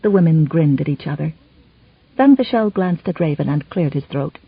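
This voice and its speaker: A woman narrating a historical romance audiobook in an expressive storytelling manner, in a slightly muffled recording. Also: low voice, normal speed, slightly rough, no room sound. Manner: expressive, even-toned storytelling. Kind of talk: scripted narration.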